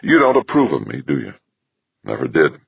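A man's voice: extremely low pitch, wildly swooping pitch, moderate pace, gravelly, husky, dry recording, exaggerated voice. A man voicing a sly, blunt older male smuggler, slangy and knowing. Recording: dull lo-fi recording.

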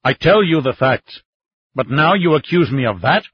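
A man doing a booming, stubborn old marshal. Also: sing-song, moderate pace, slightly rough, no echo, highs cut off. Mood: booming insistent. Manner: blustering, insistent. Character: defense minister, a stubborn, booming older male marshal.

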